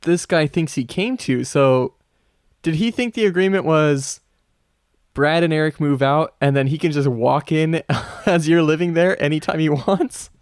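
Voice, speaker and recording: A man's voice: fairly high pitch, measured pace, clean tone, dry recording, studio quality. A man co-hosting a podcast, talking bluntly in casual chat and swearing freely. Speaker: podcast co-host.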